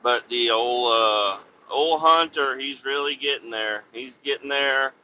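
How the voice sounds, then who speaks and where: A man who drives a truck and hosts a podcast, rambling through a road story with steady cursing and laughs. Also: mid-range voice, measured pace, a little hiss or hum. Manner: rambling, heavy cursing, laughs at his own stories. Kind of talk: casual storytelling chat. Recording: dull lo-fi audio.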